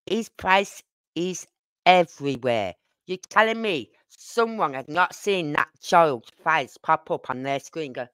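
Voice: mid-range voice, animated, fairly bright tone, clean tone, no room sound. Emphatic YouTuber in a dry room. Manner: emphatic, rhetorical questions, repeats points; apologetic about talking fast. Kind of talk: live-stream commentary.

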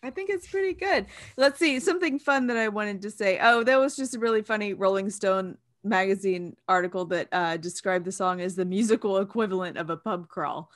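A woman's voice: mid-range voice, a little fast, few pauses. Blunt, swearing woman guest. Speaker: podcast guest. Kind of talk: casual chat.

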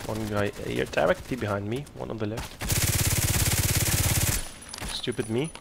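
A man's voice: mid-range voice, unhurried, heavy background noise. A man giving live gameplay commentary, muttering to himself and self-critical, with bursts of frustration. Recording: game gunfire clearly audible behind. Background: gunfire from the game.

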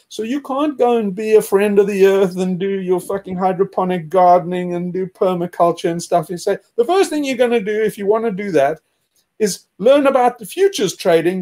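A man's voice: high-pitched, darkish tone. A man hosting a podcast discussion, talking in an agitated, profane, emphatic rant, scornful and breaking into bursts of laughter. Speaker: podcast host. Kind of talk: ranting discussion.

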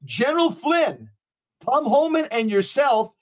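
A man's voice: very high voice, expressive, unhurried. A man co-hosting a talk show, speaking emphatically in casual commentary, with frequent fillers. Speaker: co-host.

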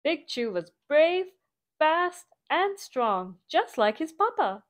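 A woman reading a picture book aloud to children in an animated way, adding sound effects. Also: sits high, slow pace. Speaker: storybook reader.

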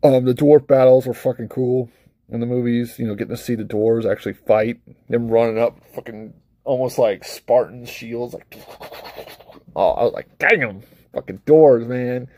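A man rambles casually to camera in a mellow, warm voice, swearing freely and laughing often between thoughts. The sound is dry and close, with no room around it. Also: mid-range voice, fairly even intonation, normal speed, dry recording. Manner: rambling and profane, with frequent laughs and acted-out asides. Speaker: vlogger reviewing books and films; parent of a young child. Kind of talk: casual unscripted chat to camera.

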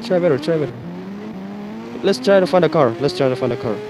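A man giving casual, excitable commentary while playing a mobile game, exclaiming often and laughing at what happens. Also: fairly high pitch, fast, noisy background. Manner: excitable, exclaims often, calls the viewer bro.

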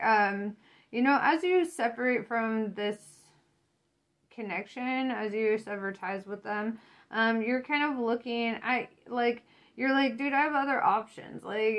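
A woman's voice: fairly high pitch, takes it slowly. A woman doing a casual tarot reading, swearing a lot, laughing often and getting fired up. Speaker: tarot reader.

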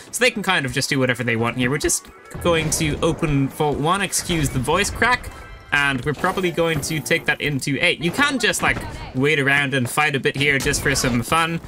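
A man's voice: on the high side, expressive, fairly quick, music in the background. A young man giving casual live commentary while playing a video game, explaining his choices as he goes. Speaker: gaming YouTuber.

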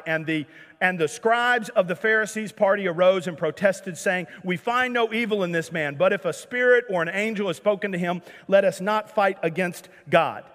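A man preaching a sermon as pastor, animated and jokey, acting out the scripture scenes. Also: high-pitched, big-room sound. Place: church sanctuary.

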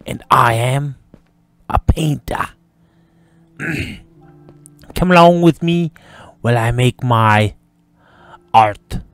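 A man's voice: medium pitch, animated, takes it slowly, vocal fry, pauses often, no room sound. A man voicing a pompous male artist who grandly shows off his painting. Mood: grandiose. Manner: grandiose, blows chef's kisses.

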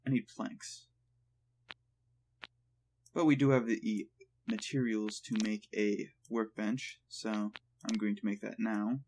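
A man hosting a let's play, thinking aloud in a relaxed way while he plays. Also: fairly low pitch, slow pace, pauses often, slight background noise. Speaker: gaming channel host.

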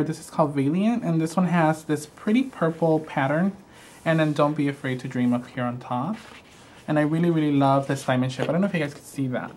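A man's voice: on the high side, slight background noise. A man hosting a live craft show, walking through products in a gushing, chatty way with frequent "um" fillers.

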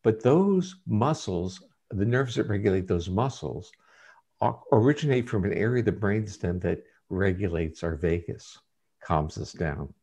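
A man, a guest scientist in an interview, giving measured, lecturing explanations. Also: deep voice, creaky, darkish tone, breathy edge.

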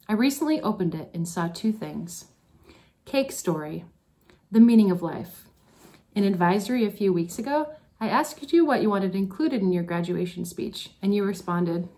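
A woman's voice: mid-range voice, expressive, normal speed, darkish tone. A woman teacher giving a graduation speech to her advisory class, telling a story with wry, self-mocking humor.

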